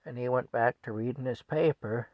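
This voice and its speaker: A man's voice: mid-range voice, moderate pace, no echo, highs cut off. An older man telling a family story in a rambling, folksy way, often chuckling.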